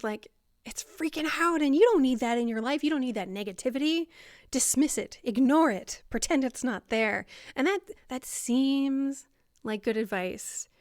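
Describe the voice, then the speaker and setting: A woman's voice: high-pitched, dry recording, studio quality. A woman explaining self-compassion to camera in a casual, conversational way, with many fillers. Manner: conversational, lots of fillers, acts out voices.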